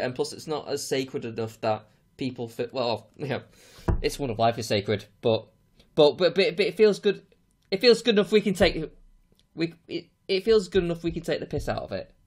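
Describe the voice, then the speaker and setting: A man's voice: a little high, a little fast. An English man co-hosting a podcast, chatting casually and hesitantly, with many restarts. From Britain. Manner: hesitant, many fillers and restarts, laughs easily. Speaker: podcast co-host. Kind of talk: casual chat.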